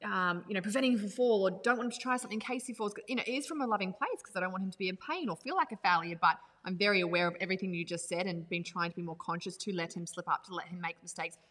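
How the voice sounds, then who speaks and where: A woman hosting a podcast, chatting casually and agreeing readily with her guest. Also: medium pitch. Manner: warm, agreeing, quick-talking. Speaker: podcast host. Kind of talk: casual interview chat. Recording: long reverb.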